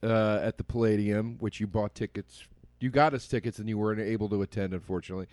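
A man's voice: lowish voice, quick pace, no echo. Man telling a story, laughing a lot. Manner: animated storyteller, quotes people in his own voice, laughs often. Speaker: podcast co-host telling a story. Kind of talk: casual chat, storytelling.

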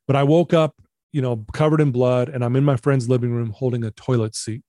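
A middle-aged man shares his story in a candid, earnest way, often circling back to the same phrases. His voice is mellow and warm, and the recording is dry and close. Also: mid-range voice, steady tone, fairly quick, dry recording. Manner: earnest, candid, repeats himself for emphasis. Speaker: guest. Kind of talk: personal storytelling in conversation.

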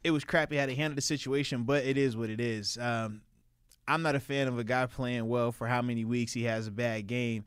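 A young man co-hosting a football podcast in casual, animated, jokey chat. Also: mid-range voice, brisk, clean tone, no room sound, clean studio sound. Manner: animated, jokey, slips into a mock Australian bit.

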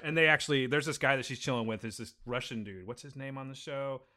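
A man's voice: medium pitch, fast, bright, forceful tone. A man co-hosting a podcast in a casual chat, talking in a playful, teasing and somewhat defensive way. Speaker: podcast co-host.

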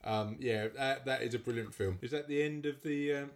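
A podcast host with a Cockney accent, chatting casually and teasing with quick jokes. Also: mid-range voice. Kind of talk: casual chat.

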